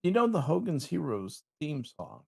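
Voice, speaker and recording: Gravelly-voiced male panelist, halting. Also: a little high, sing-song, warm tone. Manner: halting, restarts sentences. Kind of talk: casual panel chat.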